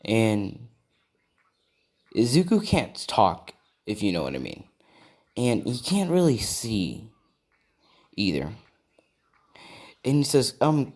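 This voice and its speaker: A man's voice: mid-range voice, wildly swooping pitch, slow pace, long pauses, darkish tone. A man casually narrating an improvised fan story, rambling with lots of fillers and asides to his viewers.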